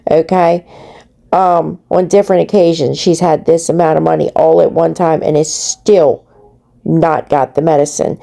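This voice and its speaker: Woman doing commentary, real slow drawl, low voice, disapproving and fed up. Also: vocal fry, dark tone. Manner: scornful, disapproving. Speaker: commentary channel host. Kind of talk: critical commentary on a clip.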